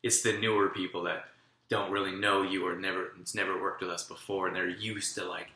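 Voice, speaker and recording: A man's voice: deep voice, flat delivery, a little fast, pushed and bright. A man in casual chat, rambling and filling his speech with "like". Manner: rambling, heavy use of "like". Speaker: co-host of a wellness channel. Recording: echoey room.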